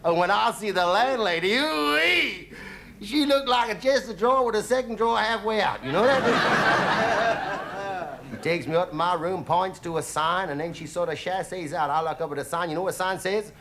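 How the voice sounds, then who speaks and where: A man's voice: sits high, normal speed, a crowd in the background. A comedian playing a boastful, folksy American traveller with a put-on Southern drawl, whooping "ooh-wee" as he tells tall tales in a 1970s TV stand-up monologue. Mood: cheeky. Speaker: comedian in character. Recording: 1970s TV studio with audience noise.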